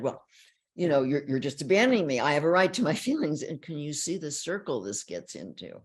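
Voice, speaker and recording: A woman counselor giving a calm, explanatory teaching talk about feelings, often repeating key phrases. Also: rumbling low, slightly rough. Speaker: relationship counselor.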